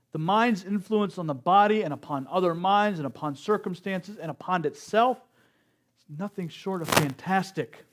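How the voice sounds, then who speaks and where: A middle-aged man giving a slow, earnest sermon at a spiritual service, sometimes acting out quotes. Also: sits high, a little hiss or hum. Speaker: speaker at a spiritual center service.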